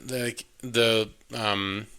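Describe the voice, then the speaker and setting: A man on a podcast excitedly walks through a horror film scene by scene, swearing freely and briefly acting out the characters' lines. His voice is bright and forceful, with a smooth, crisp clarity. The talk is loose and overlapping, a casual chat between co-hosts. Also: fairly low pitch, drawn-out words. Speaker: podcast co-host. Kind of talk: casual movie recap chat.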